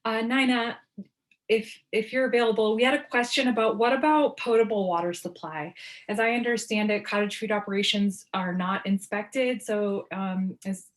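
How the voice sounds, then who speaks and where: A woman presenting an online workshop in a relaxed, informal way, with frequent ums. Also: mid-range voice, normal speed.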